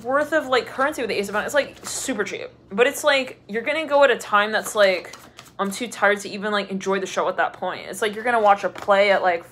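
A woman talks through a tarot reading in a loose, rambling, chatty way, with a steady mid-range pitch. She piles up fillers and breaks into laughter often. A faint hiss sits under her voice. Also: fast talker. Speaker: tarot reader.

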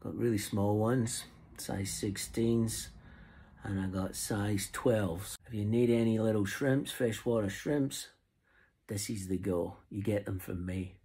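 Chatty Scottish man with a husky voice. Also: on the low side, fairly even intonation, slow pace, warm tone. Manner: chatty, rambling, jokey. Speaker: fly tier and seller. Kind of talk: casual vlog talk to camera. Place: camping on the road.

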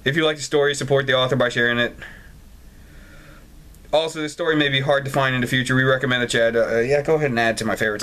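A man's voice: medium pitch, fairly bright tone. A man playing a mobile story game, giving casual, profane, mocking commentary and often laughing. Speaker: gaming channel host. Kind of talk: casual let's-play commentary.

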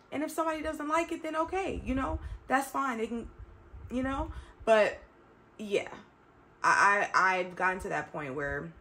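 In a fairly low-pitched voice with a sharp tone, a vlogger in her 30s gives reflective, casual talk to the camera. She's chatty and emphatic with her viewers, frequently addressing them as y'all.

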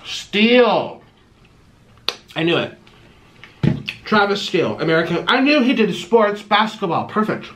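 Guy doing an eating vlog at home, kinda high voice, bossy and dramatic, chews while he talks. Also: sing-song, measured pace, pauses often, fairly bright tone, a little hiss or hum. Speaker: mukbang vlogger.

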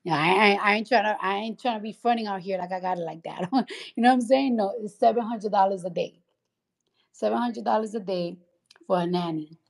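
A woman's voice: mid-range voice, brisk, vocal fry. A woman with a New York accent talking on a casual livestream, blunt and profane, heated and rambling with many restarts. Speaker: social media livestreamer.

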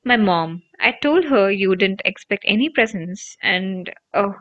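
A woman reading aloud, voicing an excitable boy wizard who is friendly and easily awed, in an eager, exclaiming way. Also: mid-range voice, a little slow. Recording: dull lo-fi recording.

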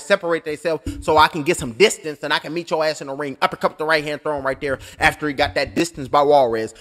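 A man in his thirties calling a fight punch by punch, his voice sitting high and lively. He is loud and excitable, swears freely, and drifts into joking asides between exchanges. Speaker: boxing commentator. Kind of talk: live blow-by-blow commentary.

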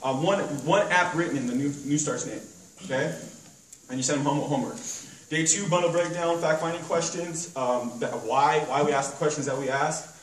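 Man, sales trainer, rapid talker, higher voice, rambling with fillers, echoey meeting room, distant mic, faint ambience. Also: steady tone, slight background noise. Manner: rambling, full of fillers and analogies. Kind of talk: casual training talk to a meeting.

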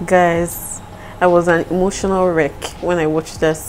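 A woman's voice: lowish voice, little pitch movement, measured pace, a little mellow, a little hiss or hum, rough recording. A young Nigerian woman with a Nigerian accent talking casually to the camera in a home vlog, openly emotional and apologetic. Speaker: vlogger.

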